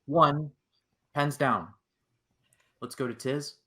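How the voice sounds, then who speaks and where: A man's voice: fairly high pitch, slow, pushed and bright. A man acting as quizmaster, reading rules and questions and counting down answers in a game show style.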